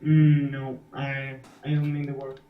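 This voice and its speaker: A man's voice: medium pitch, completely flat delivery, unhurried. A man who is a native Spanish speaker, a student hesitantly searching for words in an English class over a video call. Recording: roomy, dull video call audio.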